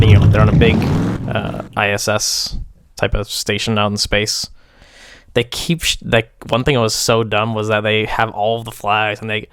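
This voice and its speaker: A man's voice: lowish voice, fairly bright tone, clear, resonant tone, no echo. A young man casually reviewing films as host, rambling with fillers in a wry, dismissive way. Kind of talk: casual film review chat.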